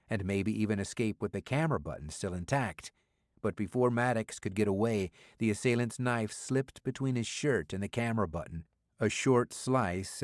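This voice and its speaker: Guy reading a spy thriller audiobook, lowish voice, steady and even, dry close sound. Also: no room sound. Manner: steady, measured storytelling. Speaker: audiobook narrator. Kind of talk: scripted thriller narration.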